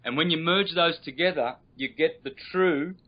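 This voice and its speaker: A man speaking as a guest teacher on a call, explaining patiently and drawing out sounds as he demonstrates them. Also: fairly high pitch. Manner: patient and instructive, drawn-out demonstrated vowel sounds. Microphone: video call. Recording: lo-fi internet call audio.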